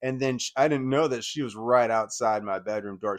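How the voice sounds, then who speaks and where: A channel host shares a painful story from his past in a rambling, emotional way, full of swearing and filler words. His voice is medium-pitched and a little fast, recorded dry.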